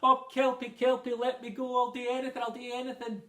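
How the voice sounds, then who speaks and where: A man's voice: high voice, expressive, takes it slowly. A man voicing an anxious, greedy male builder who talks eagerly and begs desperately, recorded in a roomy space from a distance. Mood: pleading. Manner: eager, then desperate pleading.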